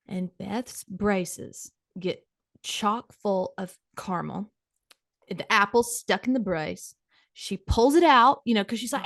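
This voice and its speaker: A woman's voice: mid-range voice, slow pace, a bit bright, no room sound, clean studio sound. A middle-aged woman hosting a comedy podcast, telling a dramatic, gossipy story to her co-host.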